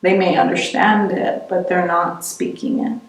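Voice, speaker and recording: A middle-aged woman giving an oral history interview, reflective and halting, often restarting her sentences. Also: lowish voice, little pitch movement. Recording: roomy, distant mic.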